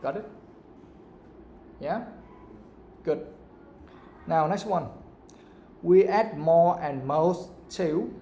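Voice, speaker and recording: A male teacher explains English grammar to a live class. His voice sits a bit high and sounds mellow. The room is echoey, with faint background noise. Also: drawn-out words, pauses often. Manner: checks understanding with repeated questions.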